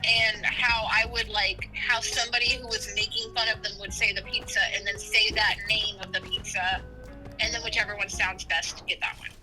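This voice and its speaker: A woman's voice: mid-range voice, level tone, moderate pace, bright, forceful tone, soft background music, low-quality recording. A young adult woman talking casually with her spouse, rambling and hesitant with many fillers. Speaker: streamer's spouse. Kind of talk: casual conversation.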